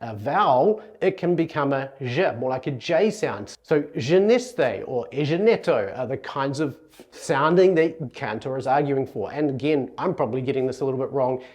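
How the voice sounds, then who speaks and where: A man's voice: medium pitch, moderate pace, a little mellow. A man from New Zealand with a New Zealand accent, explaining Greek pronunciation in a conversational video lesson, correcting himself as he goes. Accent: New Zealand English. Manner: earnest, conversational, restarts and self-corrections. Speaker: Greek teacher.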